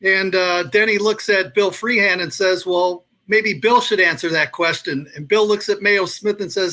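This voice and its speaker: Bright-voiced man telling sports stories. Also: sits high, steady tone, normal speed, few pauses. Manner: easygoing storyteller, acts out quotes. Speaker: guest storyteller on sports show. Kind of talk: casual anecdote telling.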